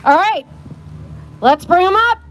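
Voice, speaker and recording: A woman's voice: very high-pitched, lively intonation, a little slow. A woman emceeing a street protest, emotional and emphatic. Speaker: rally emcee. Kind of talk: outdoor rally speech. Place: outdoors at a street protest with a crowd. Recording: noisy street with crowd.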